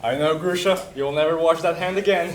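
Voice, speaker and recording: A man's voice: a little high, a little fast, close to an everyday voice. A man on stage playing a smug, self-satisfied young man from the capital. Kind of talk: stage play performance. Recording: roomy theater sound from a distance, noisy.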